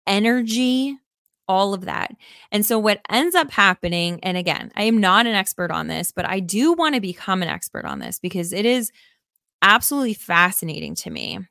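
A podcast host with a medium-pitched, slightly bright voice chats casually and reflectively, earnest and enthusiastic, rambling with lots of fillers and emphatic delivery. The studio sound is clean with no echo.

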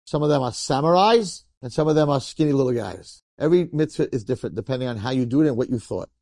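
Mellow-voiced rabbi telling a story. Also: male voice, mid-range voice, quick pace, dry recording, clean studio sound. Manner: animated, conversational, acts out quotes. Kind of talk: storytelling sermon.

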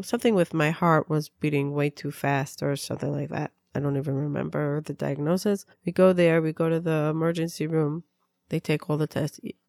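A woman's voice: sits low, creaky, a little mellow, no echo, studio quality. A middle-aged woman from Israel telling a personal story earnestly, often repeating words for emphasis. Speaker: speaker sharing a personal story.

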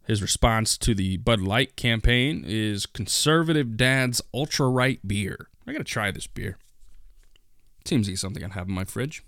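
A man's voice: fairly low pitch, animated, normal speed, fairly bright tone, dry recording, clean studio sound. A man hosting a solo political commentary podcast, reading news aloud and riffing on it in a sarcastic, mocking, profane way. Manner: reads news aloud and riffs on it. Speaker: podcast host.

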